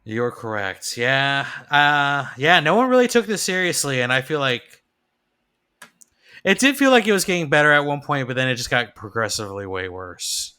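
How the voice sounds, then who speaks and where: A man's voice: mid-range voice, sing-song, normal speed, pushed and bright, clear, resonant tone. A man co-hosting a podcast, chatting casually in a laid-back way. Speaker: podcast co-host. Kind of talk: casual chat.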